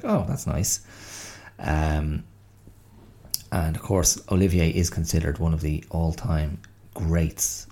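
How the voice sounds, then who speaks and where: A podcast host in his fifties muses aloud in a casual solo monologue. His voice is deep and gravelly, with a dark, mellow tone. He pauses often and fills the gaps with fillers as he thinks. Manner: reflective, halting, many pauses and fillers.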